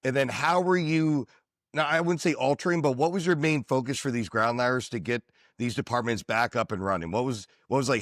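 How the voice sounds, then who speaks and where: A man's voice: mid-range voice, brisk, a bit bright, dry recording, clean studio sound. A man hosting a casual podcast and teaching firefighters, enthusiastic and chatty, thinking aloud as he talks. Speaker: podcast host, firefighter instructor.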